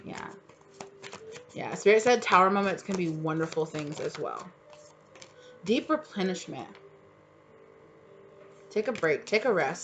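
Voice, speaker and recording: A woman's voice: fairly low pitch, a bit bright, slight background noise. Chatty woman giving a tarot reading. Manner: chatty and encouraging, many fillers like "you know". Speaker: tarot reader. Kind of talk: casual spoken tarot reading.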